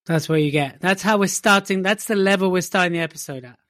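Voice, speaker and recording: A man's voice: sits high, fast, sharp tone, no echo. Playful teasing man, dry sound. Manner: playful, teasing, laughs often. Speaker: podcast co-host. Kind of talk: casual chat.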